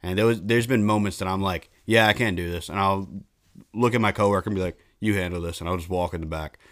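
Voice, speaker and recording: A man chatting casually, giving relaxed, matter-of-fact advice. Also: low-pitched, fast talker, no room sound, studio quality. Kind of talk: casual chat.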